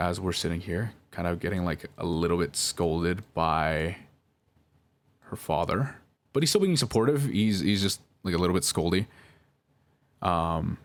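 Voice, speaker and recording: Young guy rambling through a personal story, lots of ums and sorrys, lowish voice. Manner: rambling, apologetic, many fillers. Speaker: vlogger. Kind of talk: casual storytelling.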